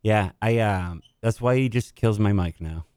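A man's voice: fairly low pitch, normal speed, darkish tone, clear, resonant tone, dry recording, studio quality. A man who is a regular on a radio show, bantering casually with teasing, mumbled asides.

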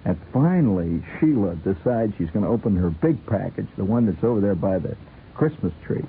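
Playful rambling radio host, man, low and lively, tinny phone-like sound. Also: a little fast, a little hiss or hum. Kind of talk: late-night radio chat.

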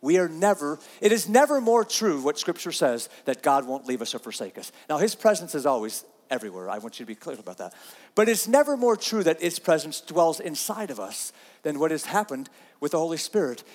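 A man's voice: fairly high pitch, big pitch swings, brisk, a little mellow, in a large hall. A man preaching a sermon, earnest and repeating himself, reading scripture aloud. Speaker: pastor.

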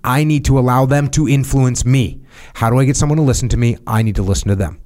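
A man's voice: medium pitch, fast, darkish tone. A middle-aged man hosting a podcast, giving leadership advice in a casual, emphatic way and repeating his points to drive them home. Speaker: podcast host.

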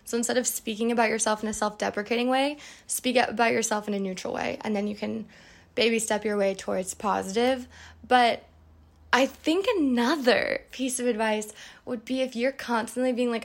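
A woman's voice: on the high side, fairly even intonation, moderate pace. A young woman hosting a podcast, answering listener questions in a chatty, candid way with playful asides. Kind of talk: casual advice chat.

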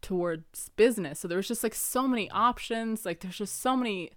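A woman's voice: mid-range voice, fairly quick, no echo, clean studio sound. A young woman hosting her own show, talking earnestly and personally in a rambling way, laughing now and then and using lots of fillers. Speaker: podcast host. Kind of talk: personal reflective monologue.

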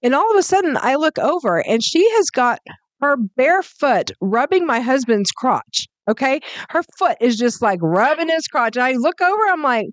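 High-voiced woman telling a story. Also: moderate pace, no room sound. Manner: animated storytelling, laughs often, swears freely. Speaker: podcast co-host. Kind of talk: casual chat.

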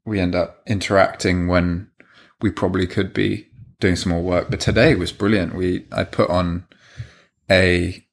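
Young male co-host, deep and gravelly, hesitant storyteller in a casual chat. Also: little pitch movement, a little slow, slight background noise.

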